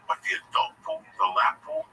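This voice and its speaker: A man telling a long personal story in casual, profane speech, often calling his listener by name. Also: normal speed. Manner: profane, animated, keeps addressing the listener by name. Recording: distant mic with faint background noise.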